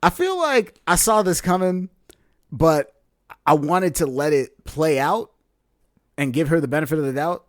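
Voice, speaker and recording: Speaking a little slowly, a young man with a slightly high-pitched voice co-hosts a podcast and tells a casual story full of laughter and acted-out quotes. His delivery is animated, and the recording is close and dry, without any room sound.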